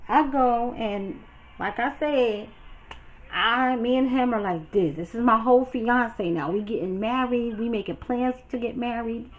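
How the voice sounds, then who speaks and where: A woman from Brooklyn, telling a story to her viewers in a chatty, animated and profane way. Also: on the high side, unhurried, dull audio. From Brooklyn, New York. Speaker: storytime vlogger. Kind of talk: casual storytelling.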